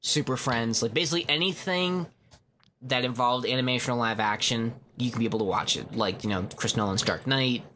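A man co-hosting a podcast in casual chat, animated and quick to break into silly voices. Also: mid-range voice, slight background noise. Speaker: podcast co-host.

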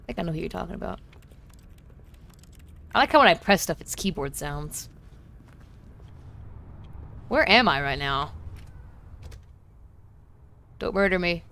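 A woman's voice: on the low side, expressive, normal speed, creaky, long pauses, a bit bright. Chatty woman streaming a game. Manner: chatty, joking to herself and chat. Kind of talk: casual game commentary. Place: home room.

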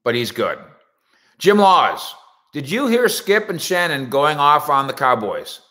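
A man hosting a casual sports talk show in a bright, forceful voice. His pitch swoops up and down a lot as he rambles through jokey stories. He keeps breaking off into playful asides. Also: very animated, a little slow. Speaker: sports radio and web show host. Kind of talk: casual comedic monologue. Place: indoors at home.

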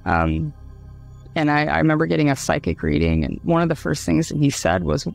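Woman from ohio, podcast guest, halting storyteller, gravelly voice, lively up-and-down pitch. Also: faint music behind. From Dayton, Ohio. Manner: halting, restarts often, nervous laughs. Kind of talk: casual recounting of a personal story.

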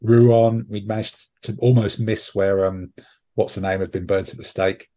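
A man's voice: fairly low pitch, flat delivery, moderate pace, warm tone. A man hosting a podcast, chatting casually and rambling with frequent ums and restarts. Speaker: podcast host. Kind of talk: casual chat.

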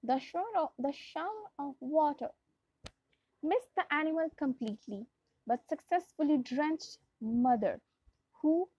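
A woman's voice: high-pitched, warm tone, breathy edge, no echo. A young woman with a Pakistani English accent, reading a storybook aloud to a class as their English teacher, often going back to restart a phrase. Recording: dull lo-fi dry recording.

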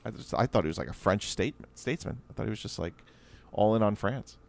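A man's voice: on the low side, lively intonation, fast talker, gravelly, a little mellow. A man hosting a podcast, chatting casually about history with frequent laughs and restarts. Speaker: podcast host.

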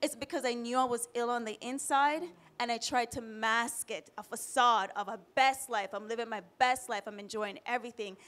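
A Jamaican woman in her thirties, with a voice on the high side, fairly even intonation, a moderate pace, few pauses and a fairly bright tone, shares her own story as a panelist. Her personal testimony is candid and emotional, and at times she comes close to tears.

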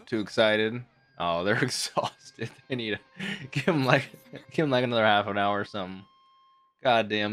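A man hosting an anime reaction video, casual and excitable, swinging between loud hype and quiet musing, with some casual swearing. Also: mid-range voice. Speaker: anime reaction channel host.

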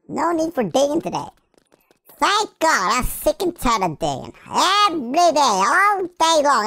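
A man doing a squeaky cheeky baby hedgehog. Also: gravelly, bright, forceful tone, no room sound, heavily acted, rough recording. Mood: chatty. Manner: goofy, silly rhymes and nonsense words. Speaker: game player. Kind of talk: playful gameplay commentary in character.

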